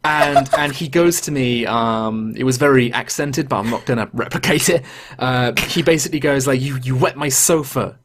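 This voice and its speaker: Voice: medium pitch, normal speed, background noise. A podcast host, telling a story in casual chat and swearing freely.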